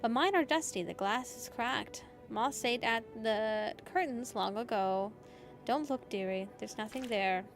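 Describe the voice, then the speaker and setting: A spooky old granny , put on by a woman drifts between teasing and sorrow, calling you dearie. Her voice sits a bit high, and soft music runs faintly underneath. The delivery is folksy and cryptic, like video game dialogue read aloud. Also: a little slow. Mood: eerie. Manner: folksy, calls the listener dearie. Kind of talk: dramatic game voice acting.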